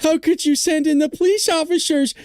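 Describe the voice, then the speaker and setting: A man putting on a shrill, whiny voice to mock a complaining liberal, with exaggerated sarcasm. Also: steady tone, a little fast, darkish tone, no room sound, studio quality. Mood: mocking outrage.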